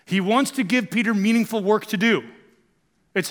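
Male pastor, sermon, chatty and emphatic, raised pitch, echoing church hall. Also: moderate pace. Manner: conversational, rhetorical questions, emphatic swings.

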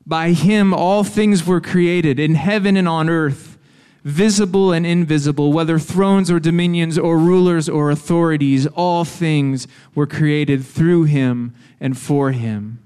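A man leading a responsive scripture reading in church with a measured, steady manner. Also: on the high side, smooth. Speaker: worship leader.

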